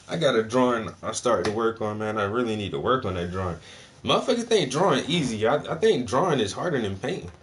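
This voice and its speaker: A man's voice: medium pitch, big pitch swings, brisk, faint music behind. A man hosting a reaction video, talking in blunt, profane, mocking casual commentary.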